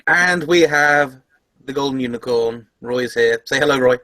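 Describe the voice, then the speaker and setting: A man's voice: medium pitch, moderate pace, bright, forceful tone, no echo, rough recording. A man hosting a casual podcast chat, laughing often and stumbling over restarts. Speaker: podcast host.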